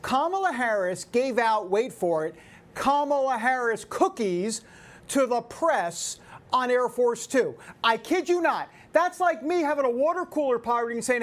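Animated laughing male news host. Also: very high voice, a little slow. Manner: animated, laughing, mock-incredulous. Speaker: show host. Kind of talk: opinionated news commentary.

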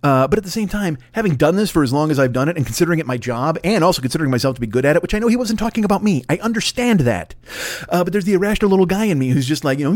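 A man's voice: mid-range voice, expressive, fast, dry recording. A man hosting a podcast in a casual comedic rant, profane, sarcastic and rambling, talking into a microphone. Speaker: podcast host.

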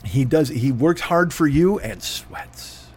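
A man's voice: on the high side, lively intonation, slow, darkish tone, husky. A man hosting a comedy podcast, riffing through a profane, rambling ad read with a dry throat and mock announcer voices. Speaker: podcast host.

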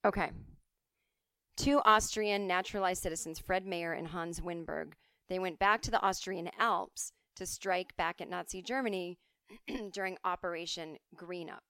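Animated woman podcast host, crisp voice. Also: fairly low pitch, normal speed, dry recording. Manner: animated storytelling, jumping between quoted voices. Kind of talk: casual monologue. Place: home.

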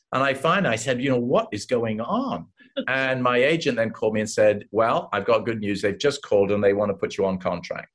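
Lively English man telling stories. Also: on the low side. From England. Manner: lively anecdotes, quoting others with voices. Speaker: actor guest. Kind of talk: casual interview storytelling.

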